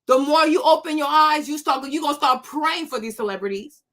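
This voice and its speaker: A woman's voice: high-pitched, brisk, fairly bright tone. A woman hosting her own commentary channel, scolding and mocking critics in a sassy, unscripted rant full of laughter.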